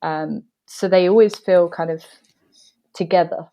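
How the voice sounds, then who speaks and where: A woman with a notably low voice speaks as a podcast guest. She thinks aloud, circling her point with hesitations and fillers before landing it. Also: fairly even intonation, measured pace, dark tone. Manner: thoughtful, hesitant with frequent ums. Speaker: guest, movement director and dancer. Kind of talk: reflective podcast conversation.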